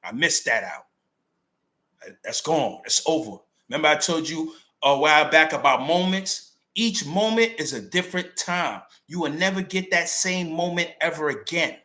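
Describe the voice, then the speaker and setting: A man's voice: a little high, animated, normal speed, pushed and bright. A middle-aged man with a New York accent giving an emphatic, unscripted commentary monologue full of street slang. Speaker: channel host.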